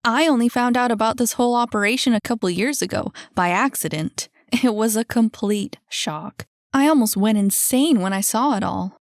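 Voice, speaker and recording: A woman voicing a brisk, friendly woman who manages a club, emphatic and quick to exclaim. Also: fairly high pitch, no echo, clean studio sound, close to an everyday voice. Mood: sympathetic.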